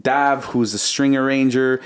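A man casually telling stories in an interview, lively, acting out beats and quoting others. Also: mid-range voice, measured pace, clear, resonant tone. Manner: animated, imitates beats and quotes others. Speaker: music producer guest.

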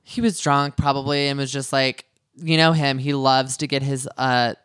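A man's voice: mid-range voice, steady tone, normal speed, a bit bright, clean tone, no echo, studio quality. A man co-hosting a podcast, giving sassy, gossipy opinions in casual chat about reality TV. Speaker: podcast co-host.

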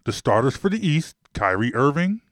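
A man's voice: mid-range voice, very animated, normal speed, no echo, clean studio sound. A man hosting a casual sports podcast, emphatic and worked up, repeating himself for stress. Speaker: podcast host.

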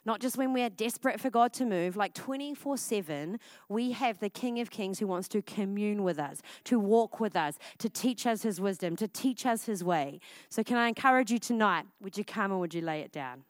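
A woman, preaching a casual, energetic sermon at church. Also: medium pitch, moderate pace, no room sound. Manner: casual and energetic, with frequent "like" fillers.

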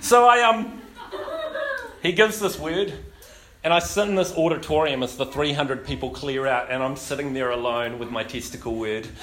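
Animated New pastor preaching. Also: male voice, medium pitch, moderate pace, a crowd in the background. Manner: animated, self-deprecating, many fillers. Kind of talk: sermon with humorous storytelling.

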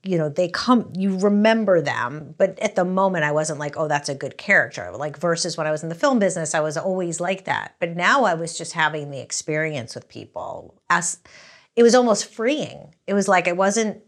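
A woman's voice: lowish voice, moderate pace. Rambling middle-aged woman telling stories. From US East Coast. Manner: rambling, animated, many restarts and fillers. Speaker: interview guest, memoir author. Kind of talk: candid interview storytelling.

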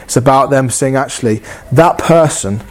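A man's voice: medium pitch, normal speed. A man preaching a sermon in an earnest, conversational way, often acting out inner dialogue and repeating phrases.

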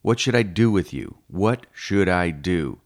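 A man's voice: sits low, slow pace. A man reading the lines of an angry male math teacher who scolds a student in exasperation. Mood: exasperated.

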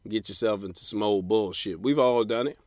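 A man's voice: on the low side, brisk, darkish tone, dry recording, clean studio sound. A man hosting a podcast, giving blunt, profane dating advice in a comedic solo rant and mocking people in put-on voices. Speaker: podcast host.

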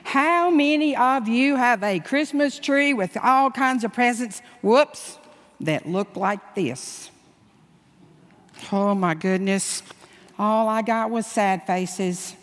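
Slow-talking woman leading a children's sermon. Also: fairly high pitch. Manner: lively, coaxing questions to children. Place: church sanctuary. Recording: long hall reverb.

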